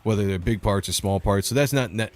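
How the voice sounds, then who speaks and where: Low-voiced man, blunt livestream host. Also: fast. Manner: blunt, opinionated, laughs often. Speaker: host reading live chat. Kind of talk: casual livestream chat.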